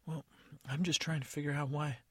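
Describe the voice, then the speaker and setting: A man's voice: a little high, little pitch movement, a little fast, slightly rough, dry recording, voice pushed up. A man voicing a frazzled, overwhelmed female Tooth Fairy in a storytelling podcast, fretful and flustered. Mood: puzzled.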